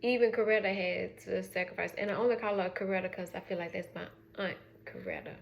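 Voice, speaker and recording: Brief: middle-aged Southern mom, candid and rambling, mid-pitched, roomy echo with faint noise. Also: female voice, fast, vocal fry, dull audio. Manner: frank, rambling, with lots of fillers. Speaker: mother. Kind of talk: casual storytelling vlog.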